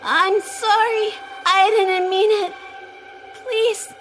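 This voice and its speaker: Squeaky high nasal crying doll girl, slow and pitiful, music underneath. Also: steady tone, a bit bright, heavily acted. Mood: tearful pleading. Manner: tearful pleading. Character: weeping haunted wooden doll, little girl, pitiful. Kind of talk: horror audio drama.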